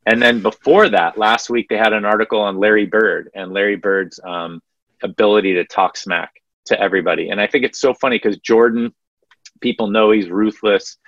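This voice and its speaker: Man, podcast co-host, low voice, dry dull lo-fi sound, casual storytelling. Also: normal speed, no echo. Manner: storytelling, animated retelling of anecdotes. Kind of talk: casual sports podcast chat.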